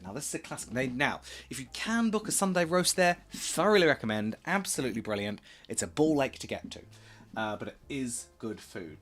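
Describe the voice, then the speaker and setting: A man giving a casual, rambling slideshow presentation for a charity stream, full of jokey asides and self-corrections. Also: a little high.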